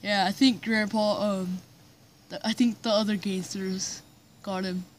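Slow-talking woman narrating a game. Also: medium pitch, steady tone, a little hiss or hum. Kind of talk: casual improvised game narration.

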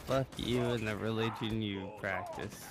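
A man's voice: lowish voice, fairly even intonation, a little slow. A man playing a video game with a friend, chatting casually with dry, offhand jokes. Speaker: co-player. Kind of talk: casual gaming chat. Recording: game audio and background noise.

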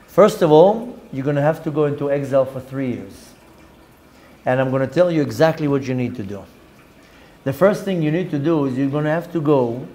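A man, a rabbi, telling a story in a lively lecture, acting out the dialogue and mixing in Hebrew and Yiddish words. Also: mid-range voice.

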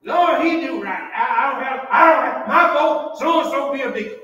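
Stammering, indignant male church member put on by a preacher, pitched up high and shouting, echoing from far off in a hall. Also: moderate pace, dull audio. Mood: stammering protest. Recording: echoey hall, mic far off.

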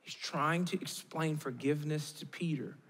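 A man's voice: fairly high pitch, moderate pace, a bit bright, slightly rough, long reverb tail. A man preaching a sermon in a conversational way, with joking asides and quotes he acts out. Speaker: pastor.

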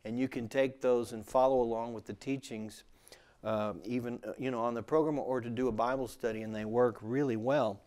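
A man's voice: medium pitch, steady tone, fairly quick, darkish tone. Male Bible teacher, mid-range voice, casual sermon delivery with frequent restarts. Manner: conversational, restarts often, emphatic when quoting scripture.

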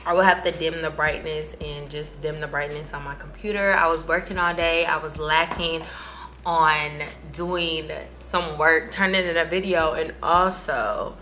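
A woman's voice: low-pitched, fairly even intonation, a little slow, sharp tone, a little hiss or hum. A young woman vlogging casually to camera, candid and chatty, laughing between lines and talking about feeling emotional and tired. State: emotional, on her period, tired. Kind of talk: casual vlog chat to camera.

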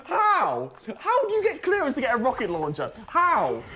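A man chatting casually and excitedly as host of a reaction video, laughing and swearing often. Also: very high-pitched, normal speed, slightly rough.

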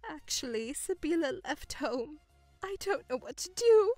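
A woman's voice: high-pitched, very animated, a little slow, a little mellow, faint music behind. A woman voicing a self-pitying, controlling middle-aged mother who whines and stammers in outbursts, in a dramatized story. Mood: wailing.

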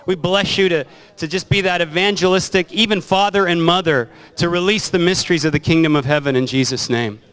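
A man's voice: sits high, fairly quick, few pauses, rough recording. A male pastor, taking the offering and praying a blessing in a church auditorium. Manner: relaxed, plain-spoken, blessing prayers. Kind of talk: sermon and offering announcements.

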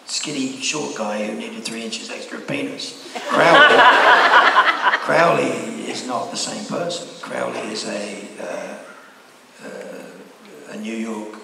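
A man with a gravelly, creaky voice, answering fan questions in a wry, rambling way. He sounds distant, his words bouncing around a huge hall with a long reverb tail and steady noise underneath. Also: medium pitch, slow. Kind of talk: convention panel Q&A. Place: large convention hall. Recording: echoey hall heard from afar.

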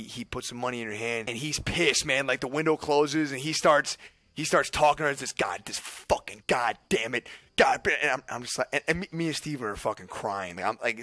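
A young man streaming, telling a story in casual, excited, profane chat full of restarts. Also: medium pitch, no room sound.

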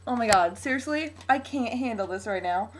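A young woman opening a gift on her home vlog, gushing with excitable, breathless exclamations. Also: on the high side, normal speed. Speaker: vlogger.

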